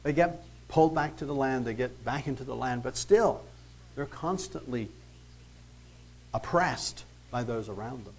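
A man's voice: medium pitch, measured pace, slightly rough, poor audio. A man teaching through scripture verse by verse, reading passages aloud and then commenting in a conversational, emphatic way with rhetorical questions. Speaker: Bible teacher.

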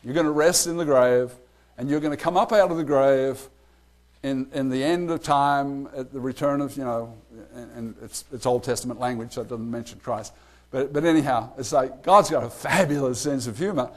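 A man leading a casual Bible study, chatty and animated, laughing often and acting out quoted lines. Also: mid-range voice, normal speed.

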